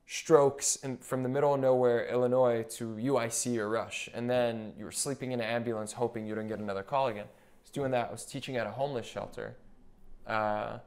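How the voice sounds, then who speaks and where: A young man, a podcast guest who works as a nurse anesthetist, telling stories in casual chat and acting out what others said. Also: medium pitch. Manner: animated storyteller who quotes what others said.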